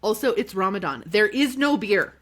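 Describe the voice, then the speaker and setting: A woman co-hosting a podcast, chatting about a trip in a giggly, lively way and laughing as she tells her stories. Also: mid-range voice, normal speed. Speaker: podcast co-host. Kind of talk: casual travel storytelling chat.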